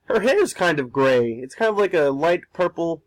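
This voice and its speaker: A young man with a voice on the higher side chats casually while he draws. He rambles, stumbles over repeated words and swears offhandedly. The sound is dry and close, with no room around it. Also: animated, moderate pace, dry recording, rough recording. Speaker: art streamer. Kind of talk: casual talk while drawing.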